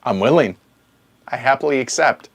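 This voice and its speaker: Animated man reading out viewer questions. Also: medium pitch, normal speed, creaky, husky. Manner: reads chat questions aloud and answers with joking asides. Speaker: board game show host. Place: home streaming room.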